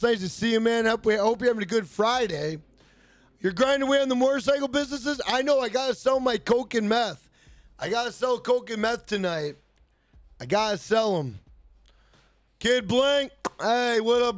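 A man's voice: very high voice, no room sound. A man streaming a video game live, hyped and profane, greeting and thanking chat members. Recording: faint music behind.

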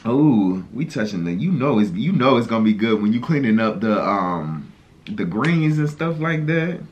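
A vlogger from North Carolina, with a North Carolina accent, reacting loudly and excitedly to cooking videos, often exclaiming and breaking into song. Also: mid-range voice, moderate pace, muffled recording, background noise. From North Carolina, USA. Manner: loud, exclaiming, breaks into singing and shouts.

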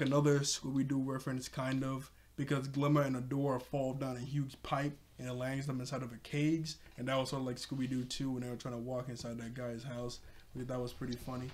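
A man recapping a cartoon episode in a loose, rambling way, full of fillers like "like" and "you know", often chuckling. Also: medium pitch. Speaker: TV show reviewer.

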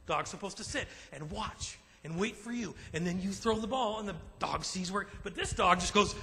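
A high, bright-voiced man preaching a sermon with emphatic, animated delivery and acted asides. His voice rings with the long reverb of a large church hall. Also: a little fast, few pauses, a little hiss or hum. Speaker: pastor. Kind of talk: sermon to a men's group.

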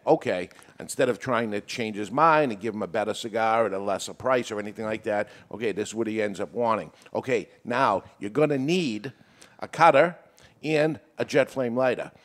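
A man who runs a cigar shop, telling an animated story about a customer. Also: lowish voice, fast talker, few pauses. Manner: animated anecdote, acts out customers. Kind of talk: storytelling in casual chat.

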